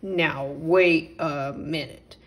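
A small, clever mole from a storybook, earnest and a touch indignant, as a woman puts him on. He reasons slowly, with a gravelly edge. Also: medium pitch. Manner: indignant, persuasive.

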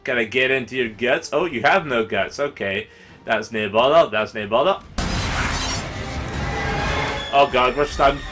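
A young Scottish man commentating his gameplay live, excitable and sweary, often bursting into yelling. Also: medium pitch, moderate pace. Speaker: gaming YouTuber. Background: game music.

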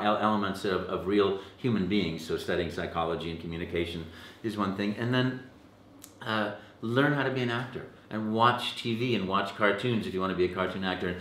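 A man, a voice actor, telling stories in a casual interview, animated and full of restarts, jumping into a high pitch when he acts out quotes. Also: roomy sound, a little hiss or hum. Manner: halting restarts, repeated words. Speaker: voice actor guest.

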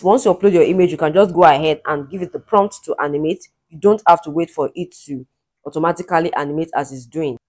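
Eager woman walking through software steps. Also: fairly low pitch. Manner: enthusiastic, step-by-step instructing. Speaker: tutorial host. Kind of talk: screen-recorded software walkthrough.

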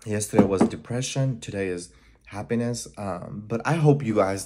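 Low-voiced young man chatting to camera. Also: moderate pace, a little mellow, a little hiss or hum. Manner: chatty, keeps saying "you guys". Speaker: vlogger. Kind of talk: casual vlog chat to camera. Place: home apartment kitchen.

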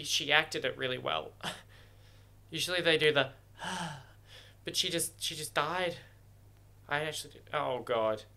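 A man's voice: fairly high pitch, sharp tone. A man thinking aloud as he watches a film for the first time, emotional and exclaiming. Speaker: movie reactor. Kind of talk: first-watch movie reaction commentary.

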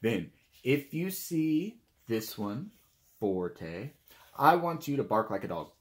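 A man's voice: medium pitch, very animated, slow. A man teaching a children's music lesson in a playful way, speaking straight to the kids and imitating animal sounds.

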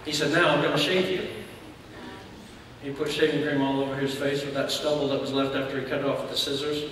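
A high-voiced man preaches a sermon with a bright, forceful edge, telling a story and shouting out the lines of its people. He sounds distant from the mic, his voice ringing through a large reverberant church hall with faint room noise underneath. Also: level tone, brisk. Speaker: church elder. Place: church sanctuary. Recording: echoey hall from far off.

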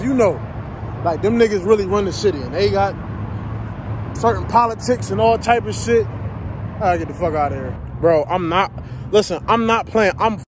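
A young man vlogging outdoors while riding a scooter through city streets, holding his phone, talking to viewers in profane, excitable street slang. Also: high voice. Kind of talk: casual vlog narration on the move. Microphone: handheld phone while riding. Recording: outdoor phone recording with loud traffic noise. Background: city traffic and street noise.

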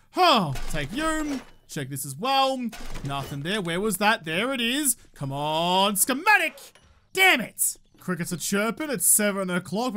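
A man's voice: high-pitched, pushed and bright, a little hiss or hum. A man with an Australian accent giving chatty, cheeky let's-play commentary, talking to the enemies on screen and swearing freely. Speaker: gaming video host.

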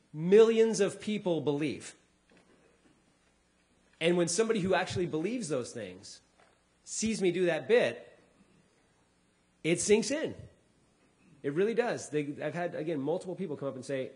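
A man doing a stand-up comedy set, telling a story with energy and slipping into voices for the people in it. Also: a little high. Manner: animated storytelling, acting out voices. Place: lecture hall with a live audience.

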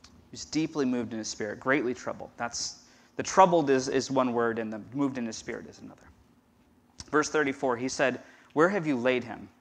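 Male pastor, mid-pitched, conversational sermon delivery, wide loud-to-quiet swings. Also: a little fast, vocal fry. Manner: conversational, swings from loud emphasis to near-whisper. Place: church.

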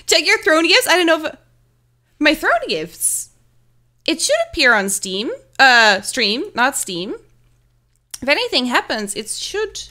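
A woman's voice: sits high, very animated, takes it slowly, long pauses, pushed and bright. A woman streaming a game from home, chatting casually with her viewers, giggly, flustered and apologetic, slightly sick, talking close into a desk mic. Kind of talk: casual live-stream chat while gaming.

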